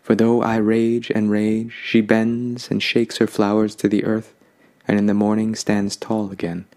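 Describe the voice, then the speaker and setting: A man voicing a wind spirit in a slow, measured way. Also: on the low side, completely flat delivery, a little mellow.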